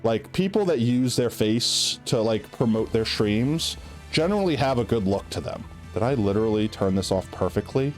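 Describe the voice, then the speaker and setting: A man's voice: medium pitch, expressive, moderate pace, a little mellow, faint music behind. A male live streamer with a nasal voice, chatting casually and rambling with lots of "like" and "right?" while he plays. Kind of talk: casual chat while gaming.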